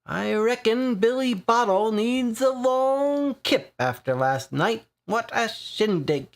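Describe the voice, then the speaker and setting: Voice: mid-range voice, flat delivery, measured pace, vocal fry, fairly bright tone, pitched above the performer's own voice. A board game player voicing a grinning, pockmarked Irish man who gossips in a dockside pub. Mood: gossipy, teasing. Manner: chatty, conspiratorial gossip.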